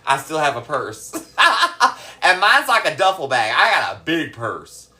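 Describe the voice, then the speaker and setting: A man's voice: a little high, very animated, unhurried, pushed and bright. A man with a Southern US accent, hosting a live cooking stream, telling a story in a sassy, dramatic way and laughing often. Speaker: host. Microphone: phone or camera mic while cooking.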